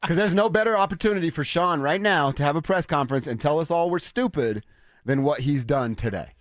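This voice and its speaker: A man co-hosting a sports radio show, chiming in with quick remarks and laughs. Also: a little high, no room sound, studio quality. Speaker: radio co-host. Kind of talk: casual sports talk.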